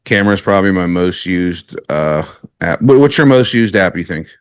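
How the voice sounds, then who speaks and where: A man's voice: sits low, lively intonation, moderate pace, clean tone, dry recording, clean studio sound. A man hosting a podcast in casual chat, rambling and laid-back, full of filler words. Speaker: podcast host.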